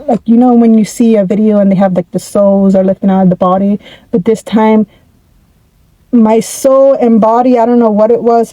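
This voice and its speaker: A woman from the United States telling a personal story in a casual, animated way, often repeating and restarting her words. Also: medium pitch, no echo, rough recording.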